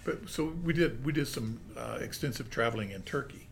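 An older man in a relaxed chat, telling travel stories with many pauses and fillers. The sound is close, with a faint rumble behind him. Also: gravelly. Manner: halting, relaxed storytelling with fillers. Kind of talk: casual chat.

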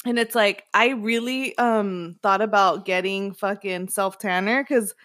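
A woman's voice: medium pitch, steady tone, unhurried, fairly bright tone. A young woman in casual chat with friends, rambling loosely with lots of fillers and swearing.

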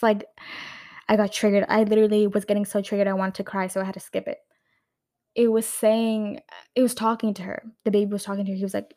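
In a mid-range, darkish voice, a young video creator rants about a film on her casual vlog, recorded on a camera mic indoors at home. She's heated, swears often and fills her speech with fillers and restarts.

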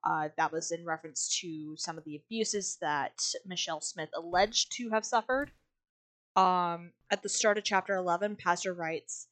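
A woman's voice: lowish voice, normal speed, fairly bright tone, no echo. A woman co-hosting a podcast, chatting casually and reading quotes aloud in a blunt, sarcastic way, swearing freely. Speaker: podcast co-host.

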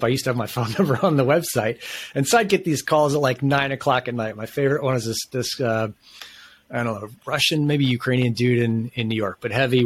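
A man talking as a podcast guest, telling a long story in a casual, enthusiastic, rambling way with plenty of slang. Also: medium pitch.

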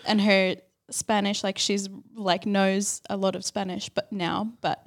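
A woman speaks as a podcast guest in an easygoing, conversational way. She fills in details of the trip and gently corrects the host's memory. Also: medium pitch, flat delivery, unhurried, vocal fry. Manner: laid-back, adds details and corrections. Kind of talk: casual travel recap chat.

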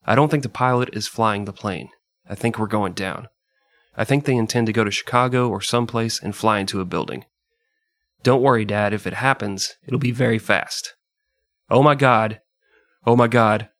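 A man's voice: fairly low pitch, fairly quick, fairly bright tone, dry recording. A man hosting a casual podcast, reading historical passages aloud and laughing often between them. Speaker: podcast host.

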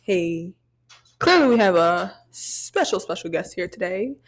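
A woman's voice: on the low side, animated, unhurried. Slangy, laughing young woman co-host. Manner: slangy, laughs often, talks over others. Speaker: podcast co-host. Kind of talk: casual chat.

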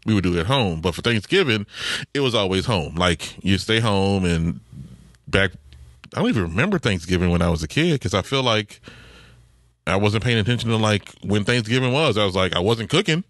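A man with a low voice trades teasing jokes in casual chat. He talks like a podcast co-host in quick banter, recorded in a dry, close space. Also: animated, a bit bright, no room sound.

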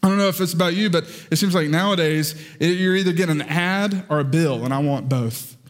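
A Southern-accented male pastor delivers his sermon with lively storytelling and playful asides. His voice sits high for a man. The sound rings out with a long hall reverb. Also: a little fast.

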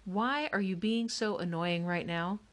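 A woman voicing an excitable, impatient girl sleuth in an audiobook reading. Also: medium pitch, unhurried, natural voice. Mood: excited.

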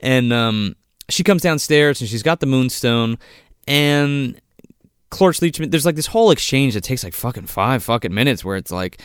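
Animated, cussing man recapping a film. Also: mid-range voice, moderate pace, smooth, no echo, clean studio sound. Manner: profane, animated, acts out quotes in voices. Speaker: podcast co-host. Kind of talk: casual movie recap chat.

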